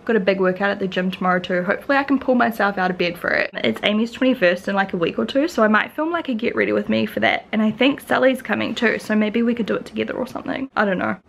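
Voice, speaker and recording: A young New Zealand woman with a New Zealand accent vlogs indoors in her home bedroom, rambling in a tired, chatty way and laughing often. Her mid-range voice is fairly bright with vocal fry, and she talks quickly with few pauses over slight background noise.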